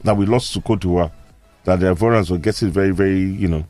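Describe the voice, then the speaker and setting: Brief: Nigerian man, low voice, dry studio, sports chat panelist, halting then animated. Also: no echo, faint music behind. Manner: hesitant, storytelling, lively when animated. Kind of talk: casual chat.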